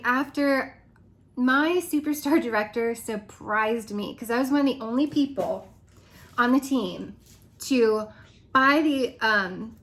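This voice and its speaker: A woman chatting casually to her viewers in a rambling way, laughing often and going off on asides. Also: a little high. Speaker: direct sales consultant. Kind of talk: casual vlog chat.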